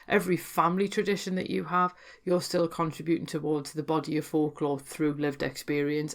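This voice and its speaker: A woman with a Geordie accent hosting a podcast, talking through her topic in a chatty, explanatory way. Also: deep voice. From Newcastle, North East England. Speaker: podcast host. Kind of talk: podcast monologue.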